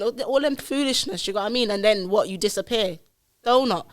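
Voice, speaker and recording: A woman's voice: medium pitch, fast talker, no echo. Woman telling a frank personal story. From London, England. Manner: animated, acts out dialogue in her story. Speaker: podcast guest.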